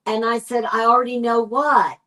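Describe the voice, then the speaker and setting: A woman with a Texan accent, a paranormal investigator, telling a story in a podcast interview and acting out the quoted dialogue in an animated way. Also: a little high, moderate pace, poor audio. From United States.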